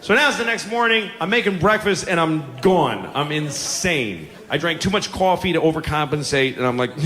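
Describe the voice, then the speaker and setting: A man in his forties doing stand-up comedy, with animated, profane storytelling full of exasperated self-mockery. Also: a little high, brisk, few pauses. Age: 40s. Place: stage before a laughing audience. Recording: noisy live recording with audience laughter.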